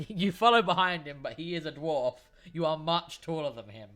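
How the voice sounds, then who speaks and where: A man's voice: fairly high pitch, animated, moderate pace, fairly bright tone. A man narrating as game master in a casual, laughing way.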